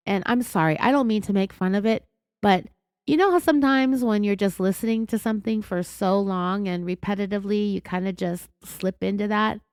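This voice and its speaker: A woman with a California accent hosting a true crime podcast, raspy from being sick, telling the story in an indignant, sarcastic way. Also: medium pitch, fairly quick, darkish tone, no echo, studio quality. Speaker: podcast host.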